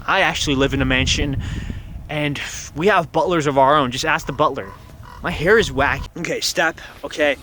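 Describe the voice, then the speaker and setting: A man's voice: moderate pace, fairly bright tone, slight background noise. A young man playing through a story game outdoors, reading the dialogue aloud in silly voices and joking between lines. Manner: playful, voices characters in high falsetto, rambling asides. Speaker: gaming YouTuber. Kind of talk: voicing game dialogue with commentary.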